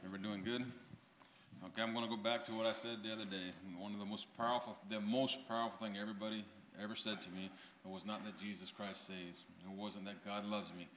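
A man stands before his congregation and tells his own story of faith. His voice is bright and forceful. He speaks earnestly and with growing fervor. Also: lowish voice, flat delivery, quick pace, a little hiss or hum. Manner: earnest, building to fervent. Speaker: church member giving testimony. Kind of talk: personal testimony in church.

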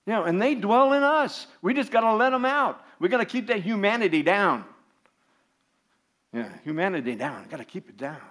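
A man's voice: high voice, lively intonation, moderate pace, fairly bright tone. A man preaching a sermon as an informal story, laughing often and restarting his sentences. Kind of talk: anecdotal sermon.

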